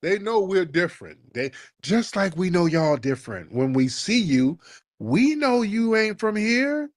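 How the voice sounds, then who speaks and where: A man's voice: high-pitched, sing-song, unhurried, no room sound, studio quality. A man hosting a call-in show, ranting in a mocking, heated way at a caller. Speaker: host.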